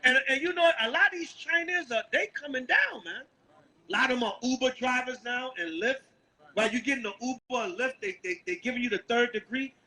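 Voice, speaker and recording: A man's voice: very high voice, a little fast, bright, forceful tone, poor audio. A man with a Brooklyn, New York accent preaching on the street, calling out verses and asking "right?" again and again. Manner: emphatic, calls out verses, asks "right?" often. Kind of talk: street sermon with scripture reading.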